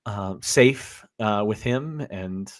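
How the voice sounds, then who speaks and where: A man's voice: on the low side, takes it slowly. A man co-hosting a film podcast, chatting casually and hesitantly with frequent "uh" and "um". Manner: relaxed, hesitant with "uh" and "um". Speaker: podcast co-host. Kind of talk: casual chat recapping a film.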